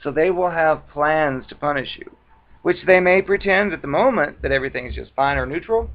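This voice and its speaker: On a dull lo-fi recording, a man with a fairly high voice gives advice a little fast in a casual talking-head monologue. This advice vlogger keeps it conversational and acts out the retorts he quotes.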